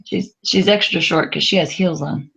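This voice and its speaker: A woman's voice: on the low side, unhurried, vocal fry, a bit bright, dull audio. A woman teaching a Spanish class, patiently going over exercises and prompting students with questions, with a lot of fillers.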